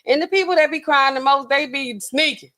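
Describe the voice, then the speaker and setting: A woman hosting a show in casual, rambling commentary, talking in an animated, colloquial way and laughing often. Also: sits high, fairly quick, a little hiss or hum. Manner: swings often between loud and quiet.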